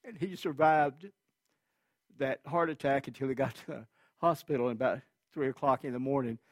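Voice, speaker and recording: A man preaching a sermon as a pastor, telling a personal story earnestly and with feeling, his voice swinging between loud and hushed. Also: medium pitch, moderate pace, no echo, studio quality.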